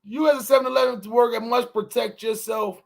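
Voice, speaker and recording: A man co-hosting a casual morning podcast, talking in an animated, profane way and swinging his voice around when he acts out quotes. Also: very high-pitched, brisk, gravelly. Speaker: podcast co-host. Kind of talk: casual morning show banter.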